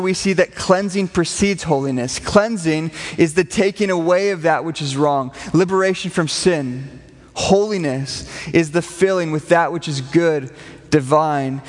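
Male pastor, earnest and emphatic sermon delivery, slightly higher voice, live in a church with a lingering echo. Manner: earnest, emphatic preaching with repeated phrases. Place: church hall. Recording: long hall reverb. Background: congregation.

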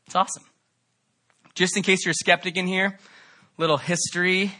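Male pastor preaching with a bright, slightly high voice; fervent, swinging between emphatic peaks and quiet pleading. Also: level tone, moderate pace. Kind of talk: sermon.

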